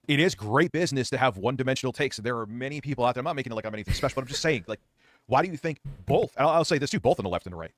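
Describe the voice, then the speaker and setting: Fast-talking blunt male commentator. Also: medium pitch, lively intonation, dry recording, clean studio sound. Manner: blunt, profane, worked-up. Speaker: streamer commentator. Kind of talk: casual reaction commentary.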